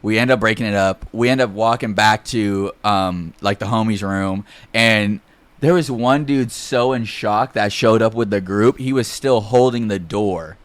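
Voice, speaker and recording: A man's voice: on the low side, measured pace, dry recording. A young man telling a casual, rambling story on a podcast, full of fillers and swearing. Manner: rambling, heavy fillers and profanity.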